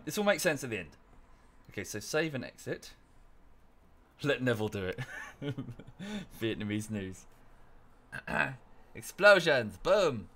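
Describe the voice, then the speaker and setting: A man's voice: on the low side, a bit bright. A man streaming live, chatting casually in a rambling way with many fillers and restarts, thanking viewers in chat as he goes.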